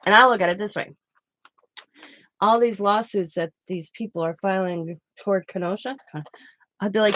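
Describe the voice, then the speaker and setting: A woman's voice: medium pitch, normal speed, long pauses, fairly bright tone, a little hiss or hum. A woman hosting a craft channel, chatting casually in a blunt, opinionated way and swearing freely. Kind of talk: casual chat while crafting.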